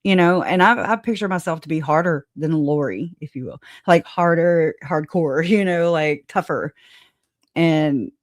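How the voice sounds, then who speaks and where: A woman's voice: deep voice, unhurried, no echo, studio quality. A woman hosting a livestream in casual chat, rambling, laughing often and swearing casually. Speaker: livestream host.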